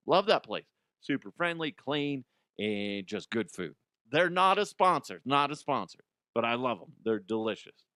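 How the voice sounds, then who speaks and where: Man, comedy news host, casual rambling chat, curses a lot, clear resonant voice. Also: medium pitch, fairly bright tone, no echo, studio quality. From Colorado, USA. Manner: swears freely, restarts and trails off.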